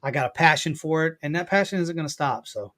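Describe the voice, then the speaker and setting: An enthusiastic man chatting as a podcast guest, repeating his points with plenty of feeling. His voice sits a little high for a man. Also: fast, fairly bright tone. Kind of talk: casual podcast chat.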